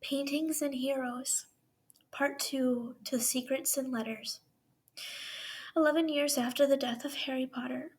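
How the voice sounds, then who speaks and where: A woman reading fanfiction aloud into a voice recorder, softly and often half whispered. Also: high-pitched, fairly even intonation, unhurried, breathy edge. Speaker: fanfiction reader.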